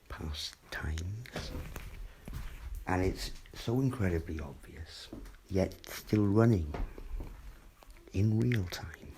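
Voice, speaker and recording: A low, warm voice with vocal fry belongs to a vlogger rambling and swearing through a late-night monologue at home. He often drops into murmurs and whispers, and the home recording is noisy.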